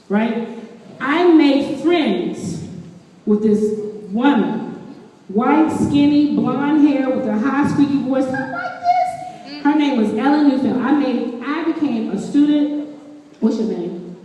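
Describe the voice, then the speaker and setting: Woman speaker, animated and playful with the crowd; long hall reverb. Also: high-pitched. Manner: animated, playful, quizzes the audience. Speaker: speaker addressing an audience. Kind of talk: lively motivational talk. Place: event room with tables. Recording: echoey hall, mic from far off.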